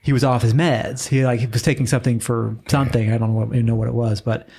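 A man co-hosting a relaxed podcast and chatting with a colleague. He tells stories with energy and slips into the voices of the people he quotes. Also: mid-range voice, quick pace, vocal fry, breathy edge. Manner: animated storyteller, acts out quoted voices. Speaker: co-host. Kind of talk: casual podcast chat.

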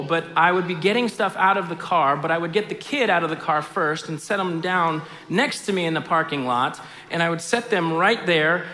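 Pastor, middle-aged man, higher voice, impassioned sermon delivery, long reverb of a church hall. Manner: impassioned, swings from hushed to loud emphatic preaching.

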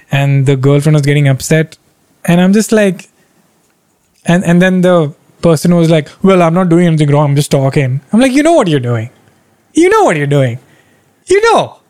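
A young man talks in a slightly high voice, recorded dry and close with no room sound. He chats casually as a stand-up comedian answering viewer comments, animated and blunt, swearing freely and laughing often. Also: no echo. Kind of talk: casual livestream chat.

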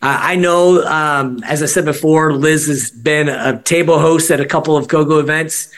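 A man hosting a church podcast, a pastor talking in an earnest, halting way with many fillers. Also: a little high, fairly bright tone. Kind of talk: podcast interview sign-off.

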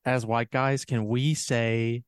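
A man's voice: mid-range voice, little pitch movement, slow, smooth, no room sound, clean studio sound. A man co-hosting a podcast in casual chat, rambling and trailing off with frequent laughs. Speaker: podcast co-host.

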